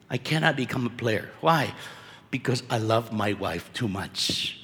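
A man preaching a sermon at a conference, animated and conversational, dropping casual slang as he talks to the crowd. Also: lowish voice, a little slow. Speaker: conference speaker. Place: conference hall. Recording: echoey hall reverb.

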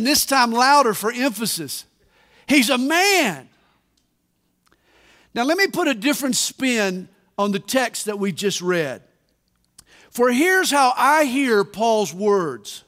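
A man preaching a sermon at a conference, deliberate and emphatic, with dramatic pauses. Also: extremely high pitch, a bit bright. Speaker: pastor. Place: large conference hall. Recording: reverberant conference hall.

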